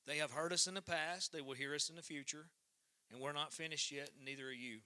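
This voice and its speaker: A man's voice: on the high side, steady tone, fast, clean tone. Fervent man preaching in a barn church. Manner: fervent, preacherly, swings from loud to hushed. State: emotional, voice thick. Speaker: church leader giving a closing prayer. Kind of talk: impassioned closing address. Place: barn converted into a church, live gathering.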